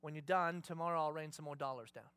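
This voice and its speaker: A man voicing a calm low-spoken God. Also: fast talker, clean tone, dry recording. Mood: reassuring. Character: calm patient male God, deity speaking kindly.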